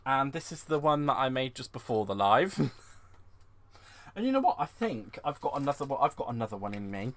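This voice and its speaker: A man hosting a live crafting stream at home, chatting to viewers. He is bubbly and excitable, giggles often and uses fond terms like "sweetheart" as he works at a desk mic. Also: medium pitch, fairly quick. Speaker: crafting livestream host. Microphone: desk microphone.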